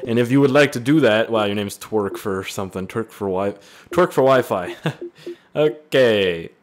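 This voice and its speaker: A man reading fan voice messages aloud and reacting with loud, profane jokes in a casual gaming video. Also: fairly low pitch, expressive, unhurried, slight background noise. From Canada. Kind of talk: casual gaming vlog commentary.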